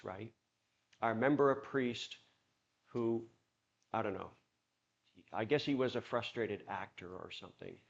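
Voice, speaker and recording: A man leading a church workshop, talking to the audience with lively examples. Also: mid-range voice, lo-fi sound. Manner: animated, acts out examples in put-on voices. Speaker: workshop leader.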